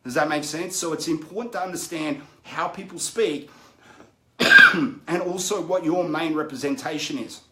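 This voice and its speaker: A man's voice: a little high, normal speed, heavy background noise. Man coaching in a roomy space. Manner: conversational, keeps checking in with "right?" and "make sense?". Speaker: personal development coach. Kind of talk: teaching session with personal stories. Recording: roomy echo.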